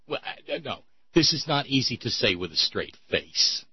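A man's voice: mid-range voice, sing-song, moderate pace, husky, no room sound. A man hosting political commentary in a mocking, sarcastic way, often stumbling over his words. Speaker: host. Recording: slightly muffled dry recording.

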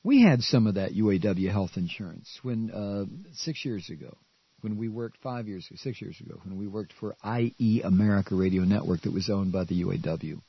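A male radio talk host giving an angry political rant, stammering and repeating himself, with shouted outbursts. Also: fairly low pitch, moderate pace, vocal fry, breathy edge, dry recording, dull audio.

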